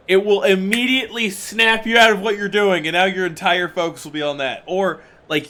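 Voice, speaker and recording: A man streaming a game, talking casually and profanely, venting in an animated way with loud mock outbursts. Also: sits high. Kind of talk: casual gaming stream commentary.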